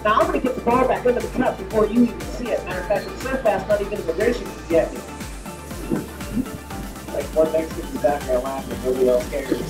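A loud street magician cracks jokes and works the crowd with a very high voice. He is recorded from far off by a camera on an outdoor pier. His voice echoes, and music plays clearly behind him. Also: fast. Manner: joking crowd-work, loud showman. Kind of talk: comedic magic show patter. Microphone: distant vlog camera.

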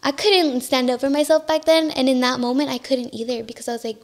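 Young woman, high voice, podcast guest, emotional casual storytelling, mixes English and Spanish. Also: fairly even intonation, fast talker. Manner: emotional, switches between English and Spanish, heavy use of "like".

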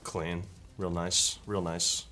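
A man's voice: sits low, flat delivery, slow, bright, forceful tone. A man co-hosting a live gameplay stream, dropping dry quips and short reactions. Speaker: streamer co-host.

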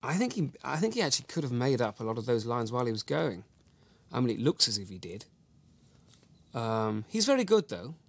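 An earnest, pretentious actor. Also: male voice, mid-range voice, big pitch swings, a little fast, vocal fry. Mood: patronising. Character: pretentious male actor, earnest and self-regarding. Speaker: actor in the series. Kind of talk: mock documentary interview.

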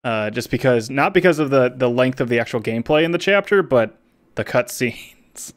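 A man in the middle of his range hosts a gaming stream, winding down in an unhurried, meandering way. The sound is dry and close, with no room around him. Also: mid-range voice, dry recording. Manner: relaxed, rambling, with frequent fillers and laughs. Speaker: streamer host. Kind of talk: casual stream sign-off chat.

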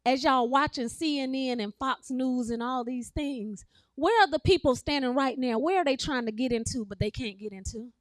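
A woman's voice: sits high, moderate pace, no echo. A woman pastor, preaching a sermon in call-and-response style, repeating her phrases and laughing with the congregation. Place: church sanctuary.

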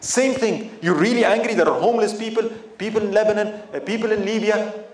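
A man's voice: high-pitched, brisk. Impassioned male lecturer in echoey room. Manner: impassioned, rhetorical questions, rising to emphatic outbursts. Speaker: Islamic lecturer. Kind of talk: religious lecture to an audience. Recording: echoey room with faint background noise.

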